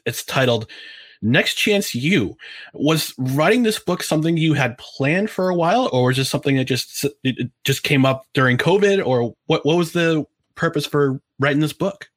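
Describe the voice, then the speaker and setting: A man's voice: medium pitch, a bit bright. A man hosting an interview show, asking rambling questions that he restates several times.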